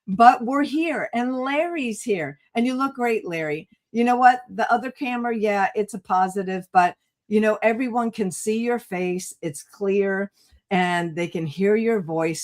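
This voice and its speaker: A woman hosting an interview in a chatty, upbeat way, with lots of "um" fillers. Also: mid-range voice. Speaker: host. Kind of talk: casual interview chat.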